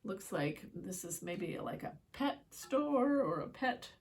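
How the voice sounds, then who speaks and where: A woman's voice: medium pitch, lively intonation, slow. A woman reading picture books aloud to children, with chatty asides and questions for the young viewers. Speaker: children's story time reader.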